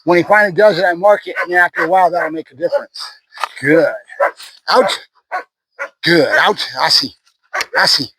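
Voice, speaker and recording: A man's voice: high-pitched, moderate pace, long pauses, background noise. A dog trainer explaining his method while giving short praise and corrections to a dog during a session. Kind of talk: instructional training demo.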